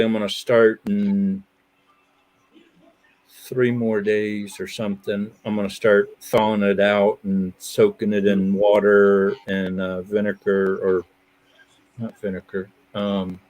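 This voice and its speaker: A man in his fifties hosting a live stream. He chats casually and easygoing, and he laughs his way through animated stories. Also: on the low side, takes it slowly, pauses often. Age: 50s. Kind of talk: casual chat.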